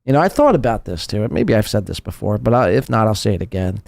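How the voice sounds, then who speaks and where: A man's voice: fairly low pitch, very animated, fast, gravelly, a little mellow, no room sound. A man hosting a live podcast, mocking and profane in casual commentary. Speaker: podcast host.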